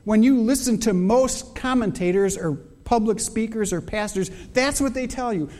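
A man with a rather high voice delivers a sermon as a pastor, moving at a measured pace and leaning on rhetorical questions for emphasis. His words ring out with a long reverb, as if in a church sanctuary. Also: darkish tone.

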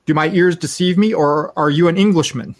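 Grumpy blunt scot guy, a man playing him, gruff, higher voice. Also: a little fast, lightly acted. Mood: scornful. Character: surly male Scot who resents the English.

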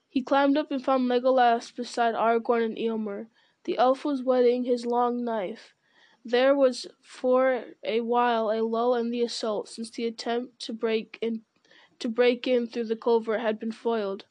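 A woman's voice: fairly high pitch, unhurried, no echo. Woman reading a fantasy novel aloud. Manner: steady reading with small stumbles and self-corrections. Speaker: reader.

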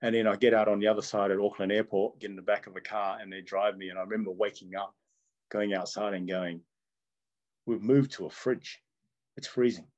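A man's voice: on the low side, quick pace, dull audio. A middle-aged man from Tonga, telling his life story in an earnest, reflective way and often chuckling as he remembers. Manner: earnest, animated, chuckles often while recalling.

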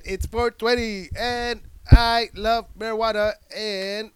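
A young man hosting a podcast as a stand-up comic, talking in a profane, excitable, rambling way full of restarts into a handheld mic. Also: high voice, slow, hardly any pauses, soft background music. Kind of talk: casual rambling podcast chat. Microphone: handheld microphone plugged into a computer.

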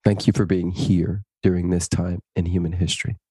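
A man's voice: sits low, normal speed, slightly rough, dry recording, studio quality. A man, a guest in an interview, telling a personal story and acting out the dialogue in it. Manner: animated, acts out dialogue in his stories.

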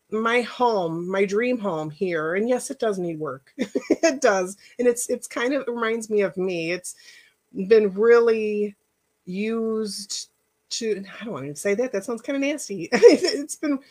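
With a medium-pitched voice, a middle-aged life coach shares personal stories in a chatty workshop talk. She's casual and wanders into rambling asides.

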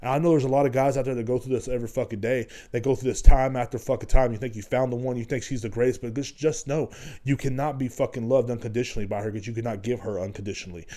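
A man in his thirties hosting a solo podcast, talking in a rambling, profane monologue that swings between loud ranting and low muttering. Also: fairly even intonation, quick pace. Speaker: podcast host.

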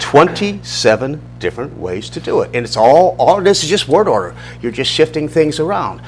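Middle-aged male Bible teacher, mid-pitched, chatty lecture style with questions to the class, faint hum behind. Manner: conversational, asks the class questions, restarts sentences.

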